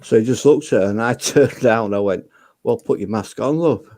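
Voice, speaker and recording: A man's voice: medium pitch, moderate pace, warm tone, no room sound. A man, bluntly telling stories and swearing freely in casual chat. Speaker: debate show guest.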